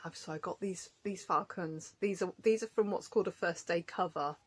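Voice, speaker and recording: A woman's voice: on the low side, normal speed, slightly rough. A woman chatting casually to camera in a home craft vlog, rambling from topic to topic and laughing often. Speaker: craft vlogger.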